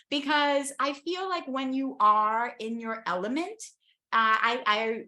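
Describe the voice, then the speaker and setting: A young adult woman from the United States tells her travel stories to an interviewer in an animated, enthusiastic flow, dotted with quick asides. Her voice sits a little high and sounds bright and forward, with a crisp edge. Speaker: interview guest, travel content creator. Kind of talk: casual storytelling in an interview.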